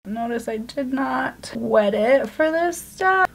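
A woman's voice: sits high, lively intonation, slow, vocal fry, a little hiss or hum. A woman vlogger chatting casually through a makeup tutorial, joking about her own mistakes. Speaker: beauty vlogger.

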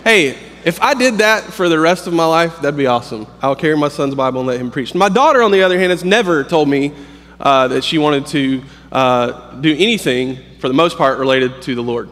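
A pastor in his thirties tells jokes and family stories from the stage, his somewhat high voice breaking up with ums and restarts. Each phrase trails into a long hall reverb. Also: lively intonation, fairly bright tone. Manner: joking, storytelling, halting with fillers. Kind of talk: humorous preaching. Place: campus worship hall.

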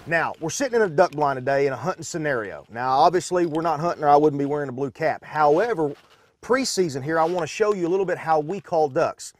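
A man's voice: fairly high pitch, fast talker. A man from Arkansas, demonstrating duck calls in a folksy, instructional way from a duck blind.

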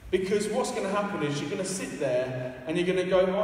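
A man's voice: high voice, lively intonation, fairly quick, background noise. A man preaching a casual, joking, self-deprecating sermon in a church. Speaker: evangelist preacher. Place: church hall. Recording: echoey hall, far from the mic.

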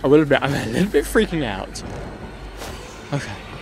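A man's voice: medium pitch, very animated, normal speed, creaky. A man hosting a gaming channel, giving let's play commentary in a frantic, swearing way and muttering to himself as he plays.

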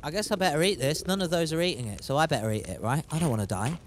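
A man's voice: fairly high pitch, animated, racing, a little hiss or hum. A man chatting and joking as he streams a game, laughing often. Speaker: gaming streamer. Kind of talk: casual live gameplay commentary.

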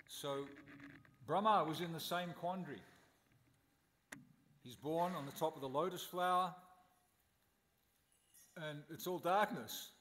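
A man's voice: fairly high pitch, slow pace, pauses often. Man giving a temple sermon with reverb. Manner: animated storyteller, asks rhetorical questions. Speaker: temple class speaker. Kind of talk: scripture class sermon. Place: temple hall.

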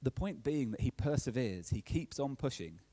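A young man preaches in a relaxed, conversational way and keeps checking that his listeners are following. His voice is very animated, rising and falling a lot. The sound is close and dry, with no room echo. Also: mid-range voice, moderate pace. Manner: chatty, checks in with "okay?" often. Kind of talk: conversational sermon.

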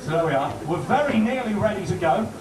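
A man doing joking warm-up patter for a TV studio audience. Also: sits high, fast, far from the mic, crowd noise. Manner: chatty, joking, lively. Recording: roomy studio heard from afar with audience.

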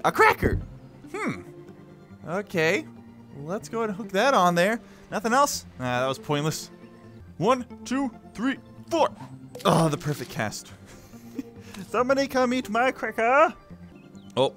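A man hosting a gaming video, playing a virtual reality fishing game with excitable, playful running commentary, laughing and talking to the fish. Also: sits high.

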